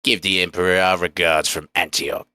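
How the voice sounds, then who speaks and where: A man's voice: sits low, steady tone, normal speed, pushed and bright, clean tone. A man voicing a scheming, menacing Roman senator in a Cockney accent for a comedic audio drama. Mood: grandiose. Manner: theatrical, with sudden outbursts.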